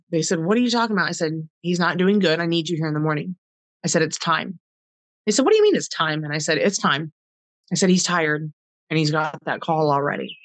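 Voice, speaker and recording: A woman's voice: on the low side, dry recording, rough recording. Earnest middle-aged woman telling her story. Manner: retells scenes in quoted dialogue, heartfelt and earnest. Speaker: podcast guest. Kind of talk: personal storytelling.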